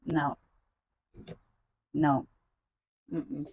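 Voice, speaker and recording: A woman's voice: low-pitched, little pitch movement, very slow, a little mellow, dry recording, low-quality recording. A young woman vlogging outdoors by a rain barrel, talking dramatically and exasperatedly to herself and the camera. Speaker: plant vlogger. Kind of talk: casual vlog talk to camera.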